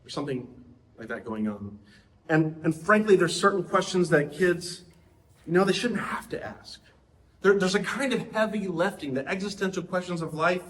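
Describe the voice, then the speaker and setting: Middle-aged male preacher, conversational sermon, a bit high-pitched, roomy echo. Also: expressive, normal speed, a bit bright. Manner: conversational, asks the audience questions.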